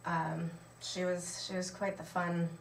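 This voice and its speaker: A woman plays a hockey guest in a spoof interview, giggly and laid-back. She talks slowly and easily. Her voice sounds roomy and far from the mic, with a faint hiss behind it. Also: fairly low pitch, flat delivery, creaky. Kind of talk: mock interview comedy.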